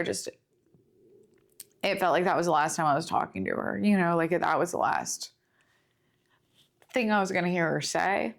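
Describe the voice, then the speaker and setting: A young woman in her twenties hosting a podcast, talking through grief in an earnest, confiding, unhurried personal monologue. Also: on the low side, creaky. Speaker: podcast host. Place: home studio. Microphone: studio setup with camera.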